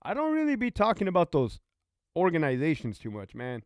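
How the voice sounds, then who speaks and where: Male streamer, high lively voice, dry close sound, animated and profane. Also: brisk, no room sound. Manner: animated, profane, reads out viewer comments. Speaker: livestream host, former prison officer. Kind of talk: casual livestream chat.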